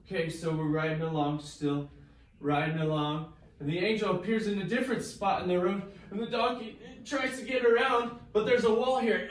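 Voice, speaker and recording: A man's voice: high voice, moderate pace. A man, a pastor, teaching an acted-out Bible lesson and quizzing his audience, in a church. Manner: animated, asks audience questions. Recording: echoey room from far off.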